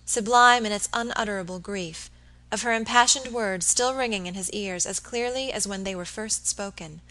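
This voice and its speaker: A woman narrating a classic novel as an audiobook in a measured, expressive reading. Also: medium pitch, poor audio.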